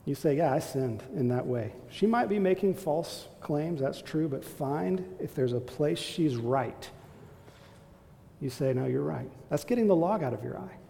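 A man preaching a sermon as pastor, emphatic and exhorting, building to forceful calls to his listeners. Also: on the high side, expressive, a little slow, gravelly, in a large hall, slight background noise.

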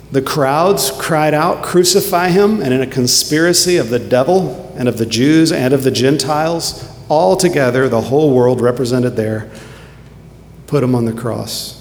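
A man preaching a sermon earnestly, moving between quiet reflection and emphatic points. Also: mid-range voice, slight background noise. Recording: echoey hall with faint ambience.

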